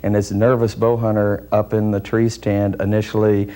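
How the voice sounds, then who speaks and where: A man being interviewed as a deer calling expert, explaining in a measured, technical way with frequent pauses and hesitations. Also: lowish voice, monotone, warm tone.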